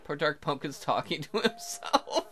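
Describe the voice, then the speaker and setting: A man's voice: a little high, animated, measured pace, a crowd in the background. A man hosting a casual let's play, joking crudely and chatting to the characters on screen as he plays. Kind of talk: casual game commentary.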